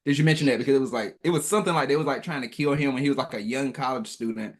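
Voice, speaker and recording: A man's voice: mid-range voice, rapid-fire. A man in casual podcast chat, rambling as he tries to recall details. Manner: rambling, hesitant recall with many "like"s.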